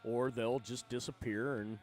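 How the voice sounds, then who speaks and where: On a casual livestream, a man talks off the cuff, wandering from thought to thought, swearing plenty and laughing often between lines. His voice sits at an ordinary middle pitch for a man, with fairly even intonation and a slightly slow pace. Faint music plays underneath.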